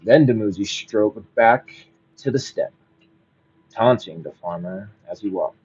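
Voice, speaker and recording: Mellow low-voiced man telling a bedtime story. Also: slightly rough, muffled recording. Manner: reads slowly, breaks off into musing casual commentary. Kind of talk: bedtime story reading with casual asides.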